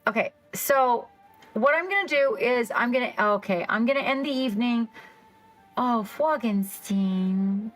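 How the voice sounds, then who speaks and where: A woman hosting a casual livestream, rambling excitedly and reacting to her chat. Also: a little high, unhurried, poor audio. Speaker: livestream host. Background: faint background music.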